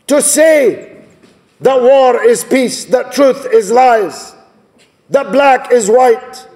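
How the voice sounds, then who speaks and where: A man giving an impassioned political speech at a conference, rising to shouted rhetorical questions. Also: extremely high pitch. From Scotland. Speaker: political speaker. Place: large conference hall. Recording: long hall reverb.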